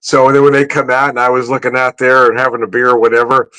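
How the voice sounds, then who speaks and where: A man's voice: fairly even intonation, fairly quick, pushed and bright, rough recording. A man hosting a casual beer livestream, rambling and chuckling, correcting himself as he talks. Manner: raises his voice high to mimic greetings. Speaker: beer vlogger.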